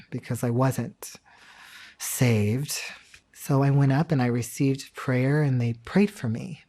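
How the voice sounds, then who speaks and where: Calm man giving a testimony. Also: medium pitch. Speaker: testimony speaker. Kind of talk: personal testimony.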